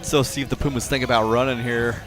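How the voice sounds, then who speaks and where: A man doing color commentary on a live high school baseball game, with relaxed, rambling analysis full of restarts. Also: fast talker, over music, a crowd in the background. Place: outdoor ballpark.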